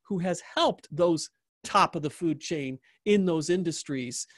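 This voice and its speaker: Male interview host, enthusiastic and jokey, pitched a bit high, dry sound. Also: measured pace, no echo. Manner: animated, joking, repeats phrases for emphasis. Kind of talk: enthusiastic closing endorsement.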